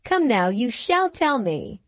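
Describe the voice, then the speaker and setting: A woman reading the part of a drunken, brutish young gentleman who shouts and blusters, in an audiobook. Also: a little high, very animated, takes it slowly, no echo. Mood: blustering.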